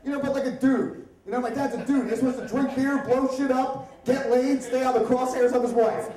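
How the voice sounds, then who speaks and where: A man from the Upper Darby area telling a comic, profane story at a live story slam, chatty and animated. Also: extremely high pitch, a little fast, crowd noise. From Upper Darby, Pennsylvania area. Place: stage at a live storytelling event. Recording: echoey room, voice from far off.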